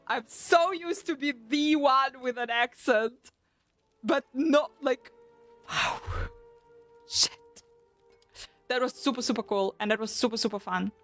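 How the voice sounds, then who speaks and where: A young woman chatting casually on a live stream, animated and swearing often as she restarts her sentences. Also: sits high, takes it slowly, long pauses. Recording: faint background music.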